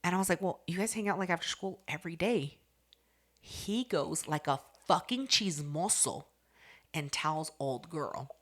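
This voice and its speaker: A young woman on a podcast telling a story in casual, profane chat, acting out quotes with big jumps in loudness. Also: on the low side, measured pace. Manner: animated, profane, acts out quotes loudly. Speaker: podcast host.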